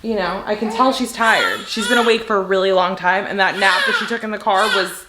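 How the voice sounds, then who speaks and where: A young woman casually vlogging about her day with her newborn, chatty and laughing often, at times cooing softly to the baby. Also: medium pitch, lively intonation, fairly quick, very noisy. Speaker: vlogger mom. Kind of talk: casual vlog talk to camera.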